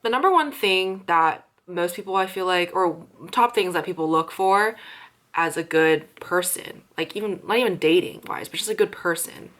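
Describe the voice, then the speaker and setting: Young woman, low-pitched voice, casual swearing rant, vlog chat. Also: normal speed, fairly bright tone. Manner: frustrated ranting, heavy swearing and fillers. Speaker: vlogger, restaurant server.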